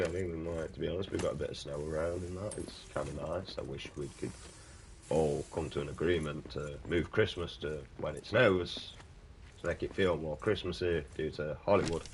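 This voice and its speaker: Deep-voiced British man ranting. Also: a little hiss or hum. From United Kingdom. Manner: swearing, ranting, chatting to viewers. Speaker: gaming streamer. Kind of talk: casual livestream chat.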